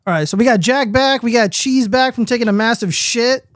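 A young man with a high, bright-sounding voice hosts a loose livestream chat, swearing constantly and wandering off into tangents. He reads viewer comments aloud and riffs on them. The sound is dry and close, with no room around it. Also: fairly quick, no echo. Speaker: stream host.

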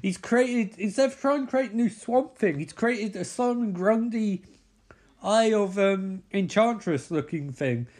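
High-pitched man, sarcastic movie riffer who gets worked up and swears. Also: measured pace, a little mellow. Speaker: movie reaction commentator. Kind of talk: casual live movie commentary.

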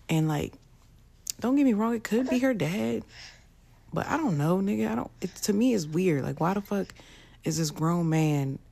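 A woman's voice: fairly low pitch, vocal fry, dark tone. A young woman, ranting bluntly and profanely to camera in a casual vlog. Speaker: vlogger.

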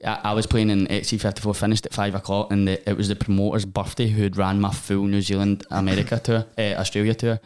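A man's voice: on the low side, little pitch movement, fast, few pauses, darkish tone, smooth. A young man, a DJ guest, telling rambling tour stories in casual podcast chat with swearing and laughs.

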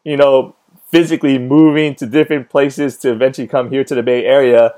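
A man hosting an interview, talking in a relaxed, conversational way. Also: mid-range voice, a little fast. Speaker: host. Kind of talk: casual interview chat.

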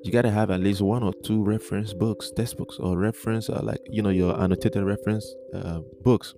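A man with a fairly low voice teaches from the Bible on a podcast, earnest and repetitive. He often circles back over a point and spells out key words letter by letter. Guitar music plays clearly behind him. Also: steady tone, a little fast.

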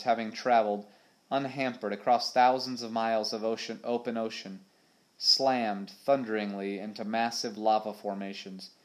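A man narrating a children's adventure storybook in a steady, measured way. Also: medium pitch. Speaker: audiobook narrator.

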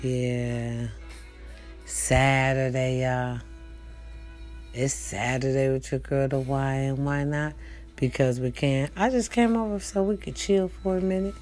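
A woman's voice: rumbling low, steady tone, slow pace, a little mellow, soft background music. A woman hosting a casual livestream from home, chatty and profane, talking straight to her viewers. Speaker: livestream host. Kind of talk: casual chat. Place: at home, indoors.

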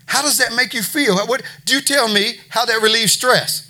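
At a recovery ministry, a middle-aged man preaches informally to the congregation at a moderate pace with hardly any pauses. He has a high, bright, forward-placed voice and a homespun, chatty manner, returning to and restating his points as he goes.

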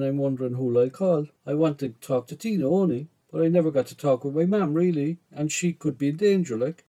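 A man with an Irish accent narrating a first-person story in a rough, slangy teenage voice. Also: on the high side, mellow.

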